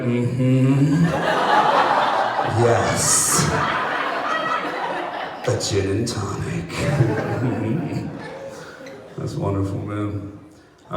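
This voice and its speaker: A young American man performs a loose stand-up set, chatting with the audience and dropping into impressions. His voice rises and falls in lively swings. The recording is distant, echoey and full of background noise. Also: mid-range voice. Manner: loose, crowd-working, slips into impressions. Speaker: stand-up comedian. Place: outdoor apartment complex courtyard.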